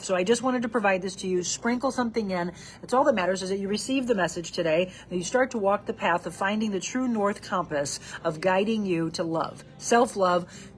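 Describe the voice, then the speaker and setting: A woman's voice: medium pitch, slight background noise. A woman hosting a live self-help show, reading out viewer comments by name and encouraging her audience in an upbeat way.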